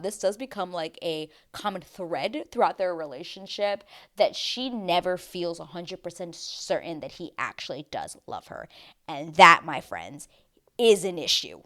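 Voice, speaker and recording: A woman's voice: on the low side, expressive, normal speed, a bit bright. A woman hosting a casual TV recap, chatty and dramatic as she acts out her reactions. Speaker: recap show host.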